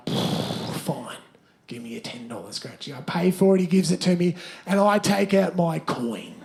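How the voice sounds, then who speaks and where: A man's voice: sits high, exaggerated voice. A man playing a crude, brash young Australian bloke on stage, swearing a lot and laughing at his own jokes. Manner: sweary, blustering, breaks to laugh. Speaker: stand-up comedian in character. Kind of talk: stand-up character storytelling. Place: theatre stage.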